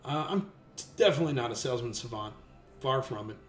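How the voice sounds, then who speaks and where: A man in his thirties telling a long, rambling story in casual chat, restarting often and getting lively when he quotes people. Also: medium pitch, fast, a little hiss or hum. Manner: rambling with many restarts, animated when quoting others. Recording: echoey room with faint music.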